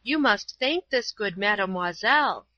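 A soft, halting old woman, lonely and timid, with a bright, lifted voice, as a woman reader puts her on. Her words come slow and humble. The sound is dry and a little dull, like a lo-fi home recording. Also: mid-range voice, expressive, dry recording. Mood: sad, humble.

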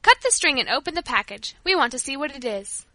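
Excited little boy, impatient and loud, voiced by a woman, high and bright. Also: fairly quick, no room sound, exaggerated voice.

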